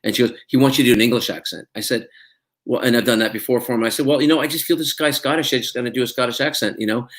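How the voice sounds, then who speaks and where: A male actor being interviewed, telling stories in a relaxed way, acting out quoted dialogue with plenty of fillers. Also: medium pitch, very fast. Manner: anecdotal, acts out quoted dialogue, many fillers. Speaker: actor guest. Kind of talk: casual interview storytelling.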